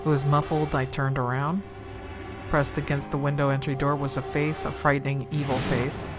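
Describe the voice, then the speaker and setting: A man's voice: mid-range voice, little pitch movement, normal speed, music in the background. A male streamer on a live game stream, reading the game's narration aloud, with casual, swearing, joking asides.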